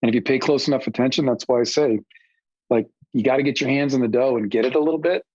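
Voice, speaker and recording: A male CEO guest on a podcast, making his points with motivational emphasis. His voice is mid-pitched. The audio sounds a little dull and muffled, and it is dry with no room echo. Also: fast, darkish tone. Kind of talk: conversational interview.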